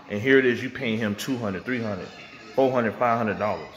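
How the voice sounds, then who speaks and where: A man's voice: medium pitch, normal speed, fairly bright tone. A man ranting hotly to camera as a vlogger, profane and confrontational, now and then mocking others in put-on voices. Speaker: vlogger and music producer.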